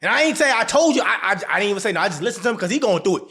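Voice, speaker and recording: A man's voice: high-pitched, big pitch swings, very fast, sharp tone. A man giving blunt relationship advice straight to camera, laughing often and hammering home his points by repeating them. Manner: repeats phrases for emphasis. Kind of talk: casual advice monologue to camera.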